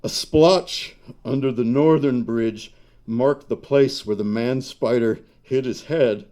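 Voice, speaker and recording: Brief: male author, slow deliberate reading voice, dark mellow tone, live reading. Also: mid-range voice. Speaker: author reading his fiction. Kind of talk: reading a story aloud. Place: bar reading event.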